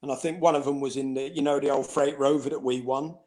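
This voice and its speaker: A middle-aged former footballer telling anecdotes in a casual interview, laughing and acting out quoted voices. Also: male voice, mid-range voice, fairly even intonation, quick pace, a little mellow.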